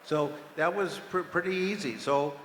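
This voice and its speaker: An older man, a team founder and former driver, recounting racing history at a dinner panel in a relaxed, measured way with frequent ums. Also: on the high side. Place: banquet hall during a dinner. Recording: echoey banquet hall over a PA, faint noise.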